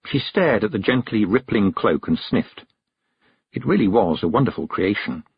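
A man reads a storybook aloud, expressive and measured, in a very husky voice. His pitch moves in a lively way. The recording is dry, close and dull. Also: dry recording. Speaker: audiobook narrator. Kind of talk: storybook reading.

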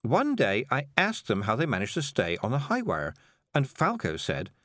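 Man doing a kind chatty witch lady, cheerful and rambly, lively lilt, dry sound. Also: mid-range voice, normal speed, no room sound, voice pushed up. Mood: reminiscing. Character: kindly middle-aged female witch, gentle and chatty.

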